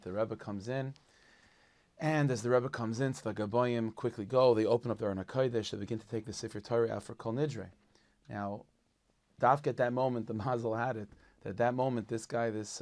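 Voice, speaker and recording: A man, a rabbi, telling a story in a casual, animated, conversational way, full of religious terms. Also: mid-range voice, gravelly.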